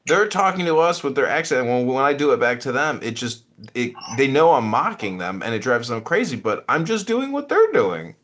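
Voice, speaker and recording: A man hosting a podcast in casual, profane chat, mocking and animated. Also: medium pitch, normal speed. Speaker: podcast host.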